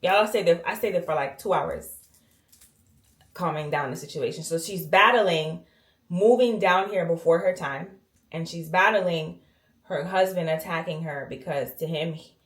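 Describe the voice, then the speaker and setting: A woman's voice: fairly low pitch, moderate pace. A woman telling a personal story casually to her viewers while cleaning her bathroom, emphatic and often checking in with "okay?". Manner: emphatic, talks straight to viewers with frequent "okay?". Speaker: vlogger. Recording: echoey bathroom.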